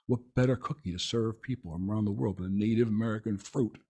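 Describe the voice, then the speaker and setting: A man's voice: on the low side, quick pace, dark tone, slightly rough. A man hosting a podcast, chatting casually and telling a long story with many restarts and fillers. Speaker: podcast host. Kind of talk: casual interview chat.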